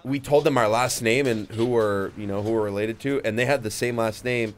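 A man's voice: a little fast, a little hiss or hum. Profane, laughing man chatting on stream. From of Greek family. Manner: profane, laughs often, bursts into high mock voices. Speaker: co-host of a gaming stream. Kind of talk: casual live-stream chat.

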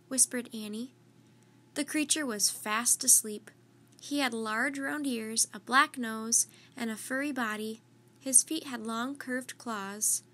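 A woman reading a children's story aloud in a gentle, clear, steady storytelling manner. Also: on the high side.

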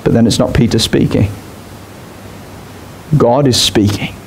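A man's voice: mid-range voice, steady tone, unhurried, slight background noise. A man preaching a sermon in a church, speaking directly and emphatically to his congregation. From Australia. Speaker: pastor.

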